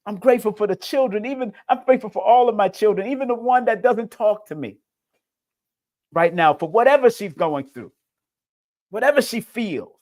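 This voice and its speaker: A man's voice: high-pitched, lively intonation, moderate pace, darkish tone. Emotional preachy man, livestream host. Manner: preachy, emotional, addresses viewers as family. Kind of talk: spiritual livestream talk.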